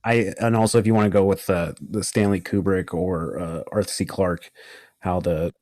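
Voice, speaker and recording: Male podcast guest, lowish voice, hesitant with fillers, dry close mic. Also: fairly even intonation, moderate pace, a little mellow, dry recording. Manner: hesitant, filler-heavy, laughing banter. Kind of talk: casual podcast chat.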